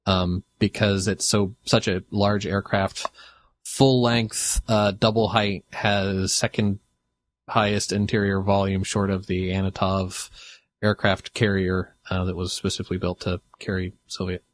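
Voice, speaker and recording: Man, podcast co-host, slightly low voice, halting, filler-heavy, casual chat. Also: level tone. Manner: rambling, halting with many fillers.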